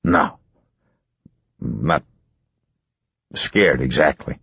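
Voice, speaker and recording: A man voicing a shaken, halting ex-Marine husband in an audiobook. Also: rumbling low, creaky, a bit bright, breathy edge, no room sound, lo-fi sound, voice pushed down, exaggerated voice. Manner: halting, rattled.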